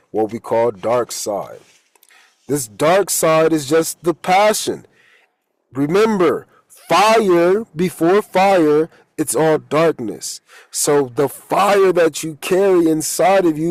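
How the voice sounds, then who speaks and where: A man giving a casual, profane talk as a holistic coach and tarot reader, loose and quick to laugh at his own jokes. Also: on the high side, darkish tone, no room sound, poor audio.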